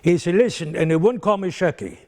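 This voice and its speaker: A high-pitched man with a darkish tone talks fairly quickly. He's a veteran comedian being interviewed, spinning loose stories about his career and acting out each character along the way.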